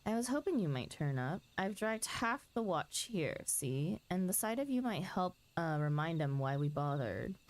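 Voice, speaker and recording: A woman's voice: lowish voice, big pitch swings, normal speed, hardly any pauses. A woman reading as a courtly knight commander, formal and gracious. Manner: archaic formal speech. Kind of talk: reading game dialogue aloud.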